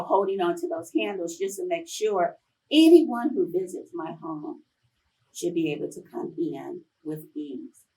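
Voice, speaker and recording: Chatty woman in her fifties, slightly husky. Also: mid-range voice, distant mic, poor audio. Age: 50s. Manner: chatty, animated storytelling. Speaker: conference presenter and professor. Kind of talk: conference talk with personal stories. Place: conference room.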